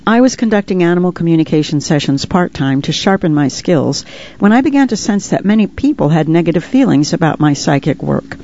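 A woman narrates her own memoir in an earnest, reflective storytelling voice. Her tone is mellow and low in brightness. The recording sounds slightly dull and lo-fi. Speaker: author reading her own book.

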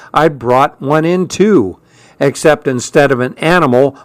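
Male narrator for a first-person novel: measured, slow delivery, dry booth sound. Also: mid-range voice, dry recording. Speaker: audiobook narrator.

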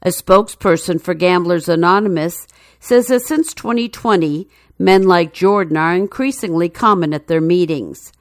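A woman reading a news feature story in a measured, even narration. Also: fairly low pitch, dry recording, clean studio sound.

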